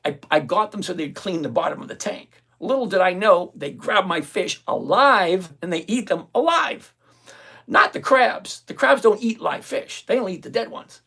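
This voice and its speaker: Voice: mid-range voice, expressive, moderate pace, creaky, a bit bright. An older, retired investing host on a live stream, talking casually to viewers, reading their comments aloud and answering them bluntly and sarcastically, often repeating phrases for emphasis.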